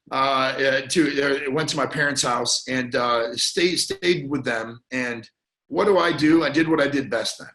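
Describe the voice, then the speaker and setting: A man, a podcast guest, telling an emotional personal story in an earnest, halting way, often restarting and repeating words, and choking up at moments. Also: medium pitch, a bit bright, roomy sound, rough recording. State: choked up at moments.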